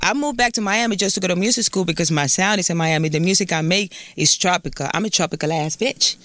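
A woman's voice: lowish voice, quick pace, a bit bright, no echo. A woman in her thirties from Puerto Rico with a Puerto Rican accent, talking bluntly and profanely as a guest in a casual interview. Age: 30s.

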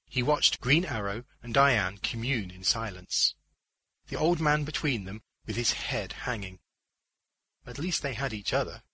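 A man reading a short story aloud as narrator, with an expressive storytelling delivery. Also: medium pitch, slightly rough, no echo, low-quality recording. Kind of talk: scripted audiobook narration.

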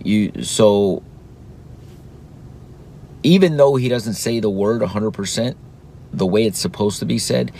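A man in his thirties talks casually about raising his son, earnest and encouraging. His voice sits a little low. A faint low rumble stays under the recording. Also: darkish tone. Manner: earnest and encouraging, acts out sing-song praise to his toddler. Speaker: podcast host, father. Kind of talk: casual reflective talk.

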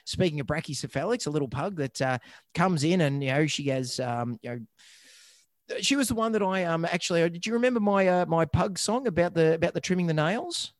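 A man's voice: fairly high pitch, lively intonation, fairly quick, no room sound. An Australian man, a vet and podcast co-host, telling rambling stories with lots of restarts. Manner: rambling, stammering storyteller. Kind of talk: casual chat.

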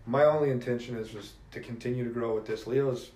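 Middle-aged male guest, mid pitch, emphatic storyteller, echoey room with faint noise. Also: fairly even intonation, fast, a little mellow. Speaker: podcast guest, jiu-jitsu black belt. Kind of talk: casual storytelling conversation.

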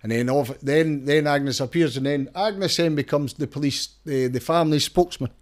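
A man's voice: on the high side, moderate pace. A middle-aged man with a Scottish accent, talking as an interview guest in an emphatic way, often restarting and repeating words and checking "right?". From Scotland. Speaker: campaigner and lawyer, interview guest. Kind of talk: casual interview talk.

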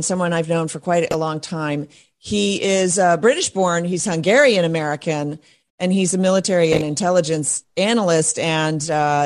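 A talk show hostess with a fairly low voice who speaks in a forthright, emphatic way. She presses her points firmly and keeps the interview moving. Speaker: host.

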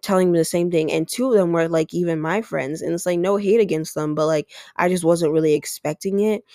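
A woman hosting a podcast tells a storytime in a loose, rambling flow. She leans on "like" and slips into quoting what other people said. Her voice has a gravelly vocal-fry edge, and the recording sounds dry and close with no room around it. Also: fairly low pitch, fairly even intonation, brisk, warm tone, dry recording. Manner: rambling, heavy use of "like", acts out quoted dialogue. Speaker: podcast host. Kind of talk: casual storytime monologue.

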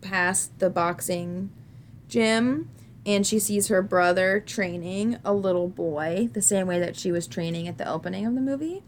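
A woman's voice: medium pitch, measured pace, slight background noise. A woman co-hosting a podcast, chatting candidly and jokingly about a film and laughing often. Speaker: podcast co-host.

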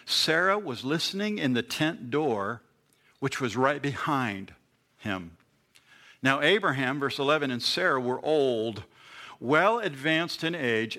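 A man in his fifties delivers a sermon verse by verse, talking to his congregation as if in conversation. His voice is bright and forward. He slips into small acted voices for the people in the story. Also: medium pitch. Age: 50s. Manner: conversational Bible teaching, acts out quoted voices. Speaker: pastor.

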